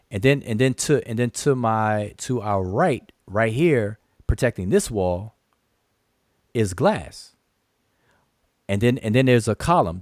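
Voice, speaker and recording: A man's voice: mid-range voice, a little mellow, no echo, studio quality. A man walking viewers through tomb photos on screen, talking emphatically, counting aloud and often repeating himself. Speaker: channel host teaching hieroglyphs. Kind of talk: screen-share lesson with rebuttal.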